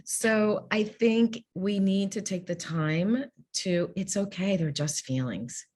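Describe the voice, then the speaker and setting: Husky-voiced woman, candid and laughing. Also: mid-range voice, slow pace, darkish tone. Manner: candid, laughs often, acts out quoted speech. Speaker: podcast guest. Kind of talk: conversational interview.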